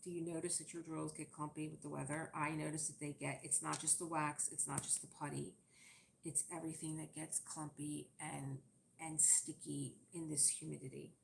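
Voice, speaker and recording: A chatty woman rambles through casual talk while she crafts on a livestream, laughing often. Her voice sits a little low with a gravelly edge. A faint hum of room ambience runs underneath. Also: flat delivery, normal speed.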